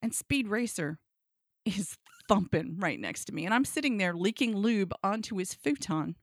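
Frank, gravelly-voiced woman storyteller. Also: medium pitch, normal speed, no room sound, studio quality. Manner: frank, deadpan delivery with bursts of laughter. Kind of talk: comic personal storytelling.

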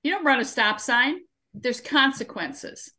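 A woman's voice: sits high, expressive, unhurried, bright, forceful tone. A woman guest in an interview, explaining her civic training work through everyday examples and anecdotes. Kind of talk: conversational interview answers.

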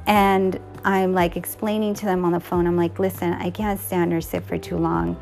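Gravelly woman telling a story. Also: fairly low pitch, moderate pace, faint music behind. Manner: animated retelling, quotes others in dialogue, laughs now and then. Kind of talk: casual storytelling.

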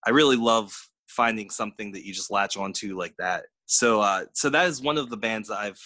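A lowish, bright and forceful male voice, co-hosting a podcast and chatting casually with eager enthusiasm. The sound is dry and close. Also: fairly quick, no echo. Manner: enthusiastic, gushing about music. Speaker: podcast co-host. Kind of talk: casual chat.

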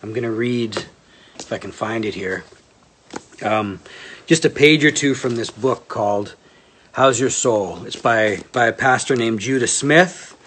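A man's voice: mid-range voice, measured pace, fairly bright tone, a little hiss or hum. A man giving a casual sermon, conversational and self-deprecating, reading part of it aloud from a book. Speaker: pastor.

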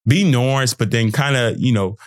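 A young man hosting a motivational podcast, talking casually with slang, laughing often and jumping into high mocking voices when he quotes people. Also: moderate pace, no room sound, studio quality. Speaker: podcast host. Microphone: podcast setup.

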